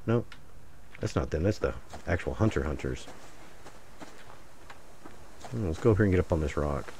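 Playing a survival game solo, this gaming channel host rambles and jokes at normal speed in a low voice with a drawl, tossing muttered asides to his viewers. His pitch varies widely, sinking into mutters and leaping up with excitement, over faint noise from a plain desk mic.

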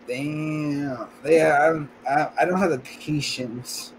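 A man's voice: a little high, steady tone, takes it slowly, noisy background. A man in a casual chat, talkative and self-deprecating, giving growing advice.

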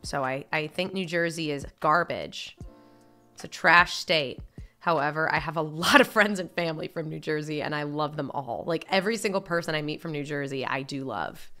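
Nasal, bright-voiced streamer woman. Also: deep voice, normal speed, faint music behind. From upstate New York. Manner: chatty and rambling, with frequent filler words. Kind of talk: casual chat while gaming, reading chat aloud.

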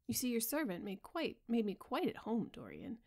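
A woman reads a grave, earnest painter, pleading with an old friend. His voice stays soft and low-key for a sleepy audiobook, with a gravelly fry underneath. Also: huge pitch swings, normal speed, heavily acted. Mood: chatty. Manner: earnest, pleading, softly spoken. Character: earnest grave male painter, middle-aged. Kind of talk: bedtime audiobook reading.

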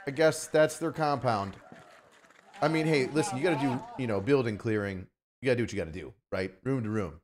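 A man's voice: medium pitch, brisk. A man giving profane, mocking live-stream commentary on a news video, often bursting into laughter.

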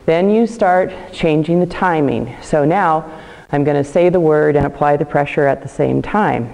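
Low-voiced woman dog trainer, reverberant. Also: moderate pace, creaky. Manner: calm explaining, praising the dog in high bursts. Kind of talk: instructional demonstration. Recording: long hall reverb.

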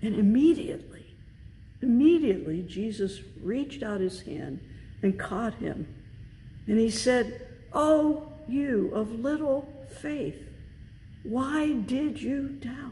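A woman pastor preaching a sermon in a church, measured and deliberate, leaning on key words for emphasis. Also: medium pitch, creaky, warm tone. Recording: long reverb with faint background noise.

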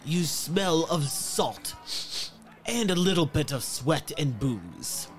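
A man voicing a crude, blind old male pirate with a slow pirate drawl. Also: on the high side, very animated, soft background music. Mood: gruff.

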